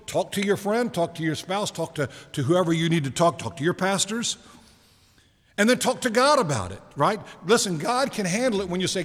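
A man's voice: high-pitched, expressive, a bit bright. Man preaching in a reverberant hall. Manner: conversational preaching with rhetorical questions and slowed emphasis. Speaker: pastor. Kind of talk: sermon. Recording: long reverb of a large hall.

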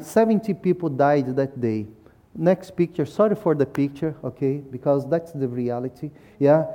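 A man's voice: on the high side, dark tone, lo-fi sound. A man from Brazil, giving a talk with slides at a church service and ending most sentences with "yeah?". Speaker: missionary speaker.

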